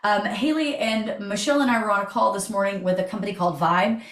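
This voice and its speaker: A woman hosting a motivational video call, energetic and chatty, swearing casually. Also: medium pitch, fast, roomy sound. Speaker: host.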